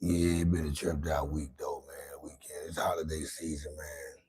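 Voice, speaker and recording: A man's voice: rumbling low, little pitch movement, normal speed, darkish tone, husky, poor audio. A man hosting a casual late-night livestream, talking in a loose, rambling and profane way, often repeating and restarting his words. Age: adult with grown children. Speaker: livestream host.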